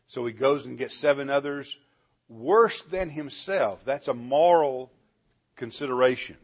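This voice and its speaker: A man leads a Bible class with animation, putting questions to the group and chuckling often. His voice is mid-range with a breathy edge, and the lo-fi recording sounds dull.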